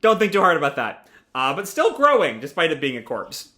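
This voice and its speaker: Brief: young male reaction host, casual and rambling, bright and forceful tone, slightly high. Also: wildly swooping pitch, fairly quick. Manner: casual, rambling, many fillers. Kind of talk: live reading and reaction.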